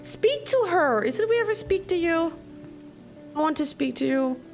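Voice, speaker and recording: A woman's voice: very high voice, expressive, moderate pace, a little mellow, soft background music. A woman streamer giving emotional, chatty commentary while playing a story game. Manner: emotional, chatty, thinking aloud. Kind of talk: let's play commentary.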